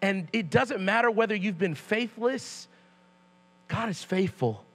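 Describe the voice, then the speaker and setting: A young male youth pastor with a notably high voice tells a church sermon as a casual, animated story. He keeps it loose and slangy, like he's talking to friends. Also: measured pace.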